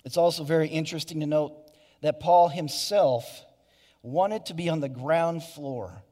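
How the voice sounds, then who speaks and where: Warm in tone and on the high side, this man's voice moves a little slowly as he preaches to his congregation. He's a pastor in a reverberant sanctuary, earnest throughout, often restarting, drifting into asides and leaning on "you know."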